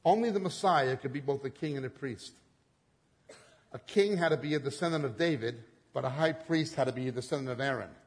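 A man preaching a sermon, swinging between loud emphatic peaks and low quiet drops, acting out the quoted lines. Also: a little fast, husky. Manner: dramatic swings in pitch and loudness, acting out quotes. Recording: long hall reverb.

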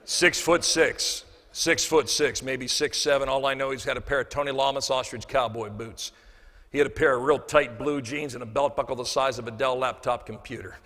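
A man's voice: mid-range voice, a little fast. A man giving a humorous motivational keynote in a banquet hall, acting out the people in his stories. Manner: animated, acts out quoted dialogue. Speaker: motivational speaker. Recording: reverberant hall.

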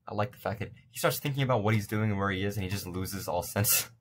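A man's voice: fairly low pitch, fast talker, hardly any pauses, slight background noise. A young man casually commenting on a game from his bedroom, rambling and making self-deprecating jokes. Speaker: let's play gamer.

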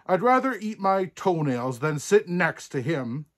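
A spoiled young princess from a storybook, shrill and indignant, as a man reading aloud puts her on. She snaps and protests, pitched well above a grown man's voice and pushed loud. Her temper is always on the boil. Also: brisk, lightly acted. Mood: furious.

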